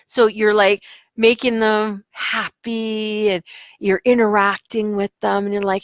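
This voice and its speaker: A woman's voice: mid-range voice, steady tone, unhurried, dry recording, lo-fi sound. A woman, an online English teacher, chatting casually in a vlog with a rambling, filler-heavy manner. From Canada.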